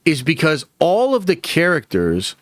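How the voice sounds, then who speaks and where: A man's voice: fairly high pitch, huge pitch swings, unhurried, dry recording. A man hosting a movie news channel, giving casual, profane opinion commentary with lots of fillers.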